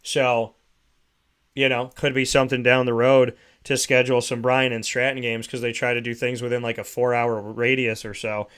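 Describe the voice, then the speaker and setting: A man hosts a radio talk show and banters with his guest. His voice is smooth and resonant, in a middle pitch. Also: level tone, normal speed, fairly bright tone. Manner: joking, conversational. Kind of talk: casual radio chat.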